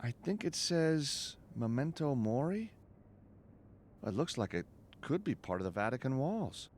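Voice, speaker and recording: A man's voice: mid-range voice, big pitch swings, measured pace, a little mellow, slight background noise. An actor playing the easygoing, joking male hero of an adventure game. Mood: wry. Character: wry adventurous American man, game hero. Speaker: game protagonist.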